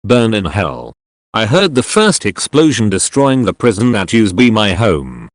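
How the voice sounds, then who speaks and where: A man reads a first-person audiobook with a low voice that rises and falls a lot, animated and dramatic in his storytelling. He is recorded dry and close on a studio mic, with no room sound at all. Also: moderate pace, no room sound. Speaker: audiobook narrator.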